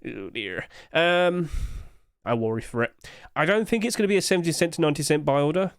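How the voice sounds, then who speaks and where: A man's voice: fairly high pitch, lively intonation, fairly quick, clear, resonant tone, no room sound, studio quality. A man hosting casual commentary, chatty and hedging, with apologetic asides, recorded at home on a desk mic. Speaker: host.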